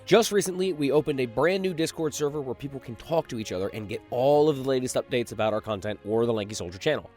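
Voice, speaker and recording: A man's voice: medium pitch, fast, hardly any pauses, a little mellow, soft background music. A man reading a scripted podcast promo in an upbeat, salesy way.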